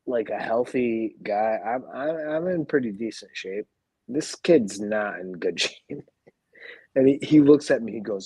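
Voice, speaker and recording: Slow husky drunk man. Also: on the low side, warm tone, no room sound, low-quality recording. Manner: profane, rambling storytelling. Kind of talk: casual livestream chat.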